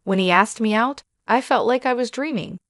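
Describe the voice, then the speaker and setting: A woman's voice: on the high side, normal speed, a bit bright, no room sound. Woman narrating a story, dry sound. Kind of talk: scripted first-person narration.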